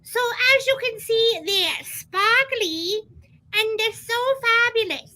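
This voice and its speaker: A woman voicing a silly male mascot toy who shows off his new teeth, in a shrill, theatrical, mock-posh voice. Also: lively intonation, measured pace, gravelly, sharp tone, exaggerated voice. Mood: grandly silly. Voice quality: shrill squealing voice.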